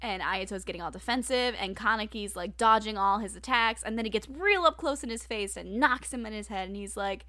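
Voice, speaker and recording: A woman's voice: mid-range voice, brisk, hardly any pauses, pushed and bright. A woman co-hosting a casual show, recapping an anime episode, teasing and giggling as she acts out the characters' lines. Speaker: podcast co-host.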